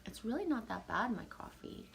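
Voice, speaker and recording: A woman on a live stream at home, reading viewer comments aloud and answering them in a relaxed, rambling way with frequent fillers and soft laughs. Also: on the high side, moderate pace, vocal fry, a little hiss or hum. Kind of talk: casual live-stream chat.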